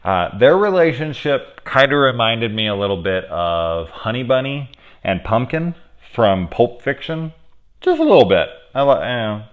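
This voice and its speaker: A man's voice: mid-range voice, very animated, moderate pace. A man casually reviewing a horror episode at home close to his camera, rambling and swearing as he retells scenes. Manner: rambling, profane, acts out characters' lines. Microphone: camera mic very close.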